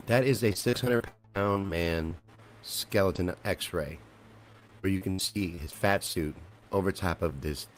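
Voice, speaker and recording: A man's voice: low-pitched, a little hiss or hum. A man hosting a live comedy stream, rambling and swearing freely while he riffs on memes and news and asks viewers questions.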